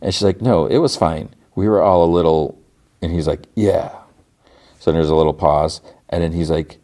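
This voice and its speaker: Man, podcast host, deep voice, warm dark tone, casual recap, acts out dialogue. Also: fairly even intonation, moderate pace. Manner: retells scenes acting out characters' lines.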